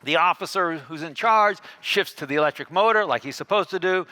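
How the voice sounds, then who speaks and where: A man giving a keynote talk on a conference stage, telling a story and acting out the dialogue with lively shifts in tone. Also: on the high side, fairly quick, hardly any pauses. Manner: animated, acts out dialogue with shifting tones. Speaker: keynote speaker.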